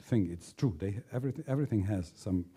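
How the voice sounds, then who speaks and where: Husky low-voiced man teaching gently. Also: lively intonation. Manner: halting, repeats words, acts out little scenes. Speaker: spiritual teacher. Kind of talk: informal spiritual talk.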